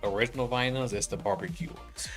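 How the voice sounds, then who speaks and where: A man chatting in a relaxed, easygoing way on a casual late-night stream. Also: mid-range voice, fast talker, music in the background.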